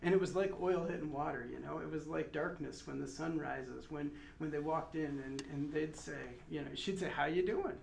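A man's voice: a little high, fairly even intonation, normal speed, creaky, hardly any pauses, darkish tone. A man from Michigan giving a memorial sermon and prayer as pastor, earnest and conversational, with friendly asides. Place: chapel. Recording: echoey chapel with faint noise.

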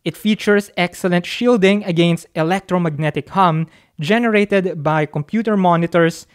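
Guy testing his mic at home, talking close into it, chill and chatty, jokes about himself. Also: high voice. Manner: chatty and offhand, with self-mocking asides. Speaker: microphone reviewer. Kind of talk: casual mic test demo. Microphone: dynamic studio mic, talking close.

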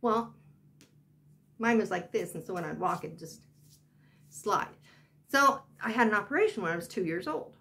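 A woman's voice: mid-range voice, expressive, moderate pace, long pauses, a bit bright. Chatty older woman telling a story. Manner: chatty and rambling, with frequent asides. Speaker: vlogger. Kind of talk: casual personal storytelling.

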